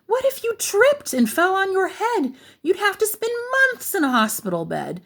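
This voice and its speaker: A frazzled mother cat frets and wails in a high, worried voice, as a woman reads her lines aloud. Her pitch jumps all over the place. This is storybook read-aloud acting. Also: sing-song, normal speed, a bit bright, heavily acted. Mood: scolding. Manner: wailing, fretful.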